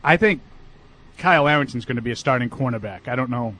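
A man's voice: mid-range voice, expressive, fast, sharp tone, low-quality recording. A man co-hosting a sports radio show, joking and often restarting his sentences. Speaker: radio co-host. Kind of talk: casual sports talk radio banter.

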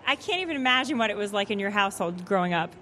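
A woman's voice: mid-range voice, lively intonation, racing, bright, forceful tone, a little hiss or hum. Teasing woman interviewer. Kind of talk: casual interview questions.

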